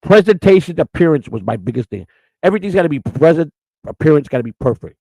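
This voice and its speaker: A middle-aged man tells his stories in a quick, run-on rush, blunt and full of profanity. His voice sits a bit higher than most men's. The sound is dry, with no room echo. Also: sing-song, warm tone. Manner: fast, run-on retelling with restarts. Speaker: storyteller recalling his work. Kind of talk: casual storytelling.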